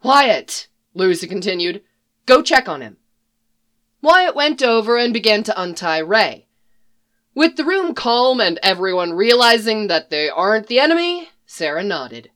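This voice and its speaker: A woman narrating a fan fiction story in an expressive reading voice. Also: mid-range voice, normal speed, clear, resonant tone.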